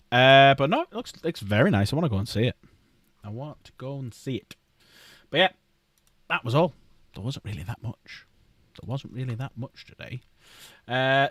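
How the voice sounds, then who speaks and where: A man's voice: mid-range voice, no echo. A man streaming casually, chatting and rambling to viewers while building models. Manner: rambling, chatty, talks to chat.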